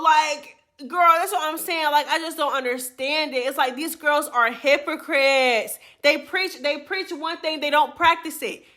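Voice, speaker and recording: Sassy high-voiced woman gossip host. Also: pushed and bright. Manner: sassy and chatty, full of slang, often laughing. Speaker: reality TV recap host. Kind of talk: casual gossip commentary.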